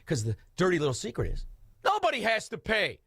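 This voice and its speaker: A talk radio host holds forth in a combative, mocking monologue. His voice sits high and swings widely in pitch, and the studio sound is dry and close. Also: huge pitch swings, brisk, slightly rough, no room sound. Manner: mocking, combative, shouts insults.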